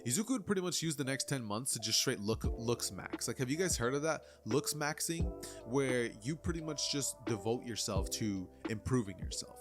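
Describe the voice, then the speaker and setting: A man's voice: mid-range voice, lively intonation, normal speed, few pauses. A man casually narrating an anime what-if story in a rambling, conversational way, full of fillers. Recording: narration over clear background music.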